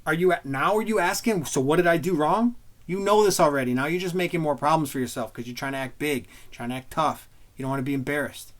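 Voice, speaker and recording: A man who is a former police officer breaks down bodycam footage in blunt, plain-spoken commentary. His voice sits a little higher than most men's, and he drops into street slang now and then. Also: fast talker, a bit bright.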